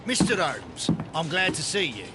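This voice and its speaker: An actor playing a smug male police inspector, talking in a brisk, self-satisfied way. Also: a little high, sing-song, heavy background noise.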